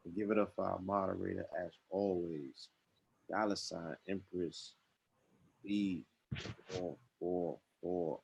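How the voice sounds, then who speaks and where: A man with a very deep, husky voice, hosting a casual live-stream talk show. He speaks in a flat, steady tone and draws his promos out slowly, with plenty of street slang. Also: lo-fi sound. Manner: laid-back, drawn-out promo delivery with slang. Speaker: podcast host.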